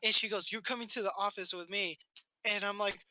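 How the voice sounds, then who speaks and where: A man's voice: high voice, steady tone, a little fast, sharp tone, no echo, rough recording. A man on a casual podcast telling a rambling childhood story, swearing often and acting out what people said. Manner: rambling, swears a lot, acts out quotes. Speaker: podcast co-host.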